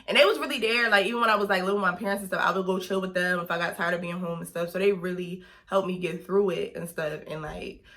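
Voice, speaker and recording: A young woman with speech, casually telling a personal story in a chatty vlog, full of fillers. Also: lowish voice. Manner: chatty, lots of fillers, animated retelling. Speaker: vlogger and lash artist.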